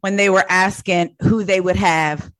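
A woman's voice: mid-range voice, steady tone, unhurried, a bit bright. A woman co-hosting a podcast, chatting playfully and telling stories in a casual tone. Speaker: podcast co-host. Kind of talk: casual chat.

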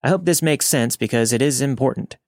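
A man reads a true-creep story aloud, steady and measured, at a middling pitch. The sound is close and dry, with no room around him. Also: no echo. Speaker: horror story narrator. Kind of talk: scripted first-person narration of a listener story.

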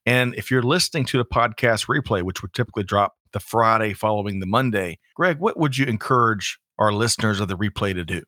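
Man hosting a live show, bright forceful voice, folksy, dry close sound. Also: lowish voice, fairly quick, hardly any pauses, dry recording. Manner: folksy, reads out audience greetings. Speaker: livestream co-host. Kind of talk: casual live show chat.

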